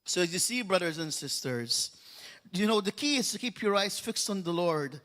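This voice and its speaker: A man's voice: high-pitched, animated, normal speed. A male pastor from Malta preaching a fervent sermon, driving his points home with repeated exhortations. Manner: rises into loud, half-sung declarations.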